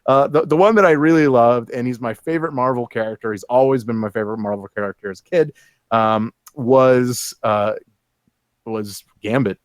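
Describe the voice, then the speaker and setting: A man co-hosting a casual chat show, rambling and halting with many fillers and restarts. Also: mid-range voice, no echo. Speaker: co-host.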